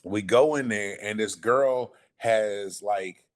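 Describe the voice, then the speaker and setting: A man telling a story casually on a podcast, animated and profane, acting out the people he quotes. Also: lowish voice, slow pace. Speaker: podcast guest.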